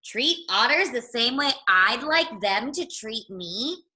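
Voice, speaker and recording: A woman's voice: a little high, expressive, takes it slowly, bright, forceful tone, exaggerated voice. A woman voicing a worried, fussy male rabbit neighbor while reading a picture book aloud. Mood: puzzled. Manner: fretful, questioning.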